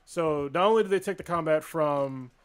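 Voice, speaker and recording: A man's voice: fairly high pitch, moderate pace, clean tone. A young adult man co-hosting a podcast in casual chat, blunt and swearing freely as he gives his opinions. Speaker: podcast co-host.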